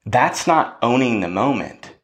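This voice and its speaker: A man's voice: mid-range voice, expressive, a little slow. A man hosting a podcast, giving a motivational talk in a preachy way, often checking in with "right?". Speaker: podcast host.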